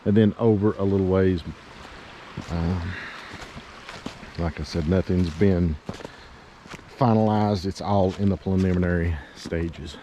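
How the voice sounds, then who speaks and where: A man's voice: deep voice, steady tone, measured pace, pauses often, mellow, a little hiss or hum. Breathless man touring riverside land. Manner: rambling, with many fillers. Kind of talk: casual walking property tour. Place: outdoors by a river and hillside.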